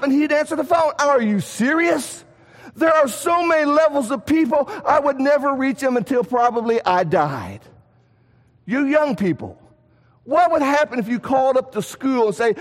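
A man preaching a sermon in a church, animated, asking rhetorical questions and swinging between loud and soft. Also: very high-pitched, normal speed. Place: church sanctuary. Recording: long hall reverb.

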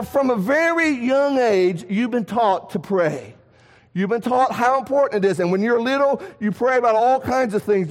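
Preacher, male, very high voice, animated delivery, long hall reverb. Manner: animated, rhetorical questions, shifts loud and soft. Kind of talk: sermon. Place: church sanctuary.

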